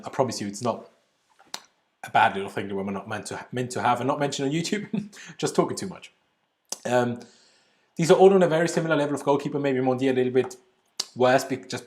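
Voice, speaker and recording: A young man hosting a live stream, chatty and opinionated as he reads and answers chat questions. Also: mid-range voice. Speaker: YouTube channel host. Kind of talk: live stream Q&A about football.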